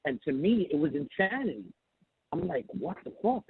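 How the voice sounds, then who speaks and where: Man caller, blunt, swears a lot, husky voice, tinny phone line, train behind. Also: fairly high pitch, big pitch swings, normal speed, dry recording. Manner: blunt, swearing, tells stories with quoted voices. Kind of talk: casual call-in chat. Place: riding a train. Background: train noise.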